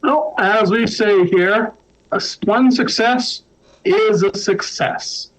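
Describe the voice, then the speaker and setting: A man narrating as storyteller of a tabletop horror game, in an unhurried way with fillers. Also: high-pitched, fairly bright tone. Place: home, online game session. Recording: dull lo-fi online audio.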